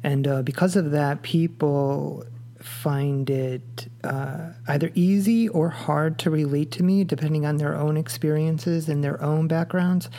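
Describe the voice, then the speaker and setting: Man, podcast host, solo monologue, slow unhurried delivery, mellow low tone, profane, blunt. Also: steady tone. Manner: blunt, profane rant with many fillers. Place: the show is made in Dallas, Texas.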